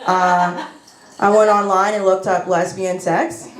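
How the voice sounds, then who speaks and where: Stand-up woman, rambling, self-deprecating, mid-pitched voice, echoey club room. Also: level tone, slow pace, crowd noise. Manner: rambling, self-deprecating, lots of fillers and likes. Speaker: stand-up comedian. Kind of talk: stand-up comedy set. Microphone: lapel mic.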